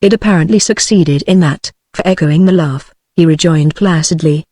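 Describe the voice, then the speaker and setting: A woman's voice: deep voice, normal speed, hardly any pauses, no room sound. Synthetic British female narrator, dry close sound, evenly paced audiobook reading, no character voices. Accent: British English. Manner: even, unacted reading of all characters.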